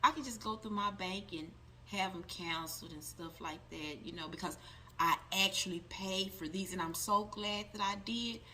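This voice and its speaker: Woman, casual vlogger, repeats herself, mid pitch, faint background noise. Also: normal speed, sharp tone. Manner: emphatic, repeats herself, addresses viewers as guys. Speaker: tarot vlogger. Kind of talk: casual product review to camera.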